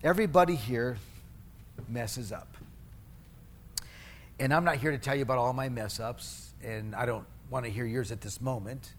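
A middle-aged pastor preaches conversationally at a moderate pace in a mid-range voice, pausing often. He tells stories, mocks himself, and restarts or self-corrects mid-phrase, with a little hiss or hum audible.

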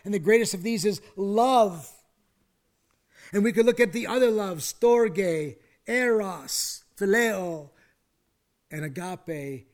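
A high-pitched male pastor preaches a sermon, sinking into hushed whispers before climbing to loud, emphatic declarations. He invites the congregation to speak lines along with him.

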